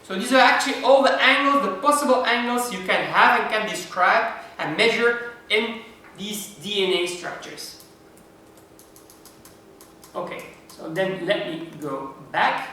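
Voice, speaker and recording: A lecturer explains step by step, often pausing to ask the class rhetorical questions. The voice comes from far off the mic and rings around a very echoey lecture hall, with faint hiss underneath. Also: mid-range voice, bright, forceful tone. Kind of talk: university lecture.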